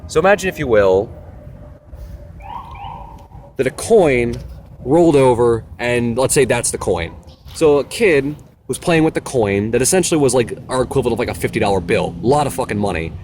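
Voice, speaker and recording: A young man hosting a casual vlog, retelling a novel in a rambling, animated way with lots of fillers and asides. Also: medium pitch, moderate pace, slight background noise. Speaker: host.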